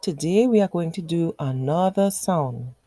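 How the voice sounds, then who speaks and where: Slow, patient woman teacher. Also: lowish voice, lively intonation, mellow, no echo. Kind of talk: phonics lesson for young children.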